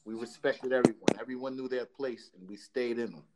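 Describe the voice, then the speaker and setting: A man hosting an online debate, answering in a calm, dry, sarcastic way. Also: medium pitch, brisk, heavy background noise.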